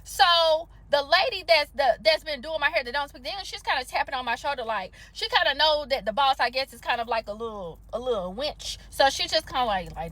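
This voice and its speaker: A woman telling an animated, slangy, exasperated story about a salon visit, in a storytime vlog. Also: high-pitched, fairly quick, hardly any pauses.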